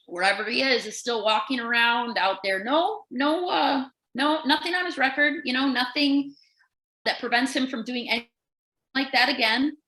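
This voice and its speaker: A woman's voice: a little high, reverberant, poor audio. A nurse and podcast co-host, a woman telling a story casually and acting out the voices of the people in it. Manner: animated storyteller who acts out quoted voices.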